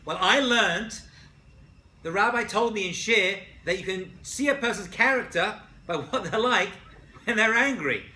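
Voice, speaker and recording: Earnest young woman on a date, raised and bright, roomy hall, as a man puts her on. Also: sits high, expressive, moderate pace, pitched above the performer's own voice, full character voice. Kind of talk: storytelling in a lecture.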